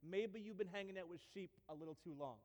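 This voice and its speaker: A man's voice: high voice, fast talker, darkish tone, big-room sound, lightly acted. A man voicing an impatient, panicky king who keeps asking in disbelief. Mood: incredulous.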